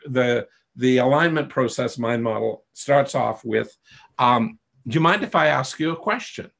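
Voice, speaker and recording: A coach teaches a live webinar through a video call microphone, explaining things patiently and checking in with his listeners often. His voice is medium in pitch, a bit bright, with some vocal fry.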